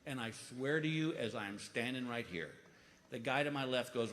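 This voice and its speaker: A middle-aged man telling stand-up comedy stories, animated and acting out voices with big outbursts. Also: medium pitch, normal speed, long reverb tail. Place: comedy stage before a laughing audience. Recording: live show with clear audience noise.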